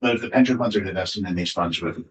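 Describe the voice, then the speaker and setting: A man, a state official, explaining finances to a legislative committee in a relaxed, hedging way with many fillers. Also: low-pitched, quick pace. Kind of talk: committee testimony. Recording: echoey hearing room, distant mic, faint hiss.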